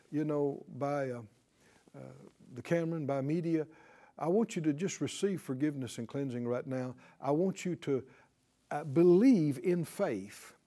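A man with a fairly high voice preaches a passionate sermon, swinging from loud exclamations to hushed prayer. He leads the congregation in a spoken prayer.

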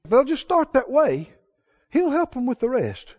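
A man's voice: very high-pitched, wildly swooping pitch, moderate pace, a little mellow. A man preaching a sermon, telling stories in a folksy way and building to emphatic exhortation. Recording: dull lo-fi sermon recording.

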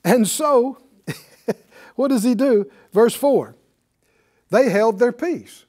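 A man delivers a sermon in a high, bright register. His pitch swings widely as he keeps pulling responses from the congregation. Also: slow. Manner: animated, calls for responses from the congregation. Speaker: preacher.

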